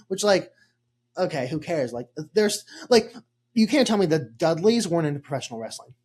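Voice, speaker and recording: Young guy hosting a podcast, kinda husky, all over the place pitch wise, rambly and jokey. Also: expressive, moderate pace, a little mellow. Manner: rambling, jokey, filler-heavy. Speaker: podcast host. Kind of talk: casual chat.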